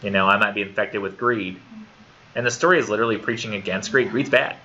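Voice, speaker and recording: A man's voice: on the low side, fast talker, sharp tone. A man teaching a college literature class, talking casually and thinking aloud, often repeating words as he goes. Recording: dull lo-fi classroom recording with faint noise.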